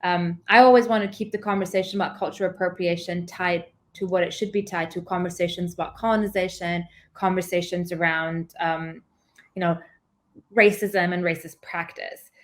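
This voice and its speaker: A woman guest who is an academic, speaking thoughtfully in a podcast interview and pausing on frequent "um"s. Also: fairly low pitch, steady tone. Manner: thoughtful, measured, many "um"s. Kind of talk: conversational interview.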